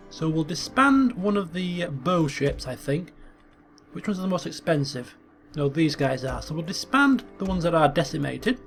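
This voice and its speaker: Male game host, chatty, thinks aloud, slight higher pitch, faint music bed. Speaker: gaming channel host. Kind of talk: strategy game commentary with role-play asides.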